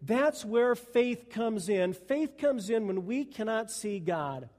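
A pastor preaching a sermon at a Sunday church service, earnest and emphatic. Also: male voice, high-pitched, lively intonation, slow pace, a little mellow. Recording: long echo of a church hall.

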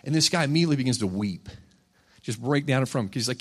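A campus ministry preacher delivers a sermon in a large hall, his husky, medium-pitched voice racing along. He tells stories and reads scripture in a relaxed, conversational manner, becoming animated when he voices the characters in his stories.

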